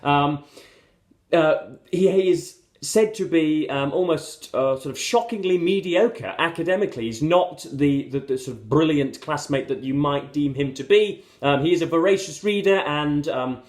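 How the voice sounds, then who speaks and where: A man's voice: a little high, moderate pace, darkish tone. A man reviewing books to camera in a casual, rambling way, full of hesitations and fillers yet using erudite vocabulary and wry asides to his viewers. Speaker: book reviewer. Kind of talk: casual book commentary to camera. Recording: roomy echo.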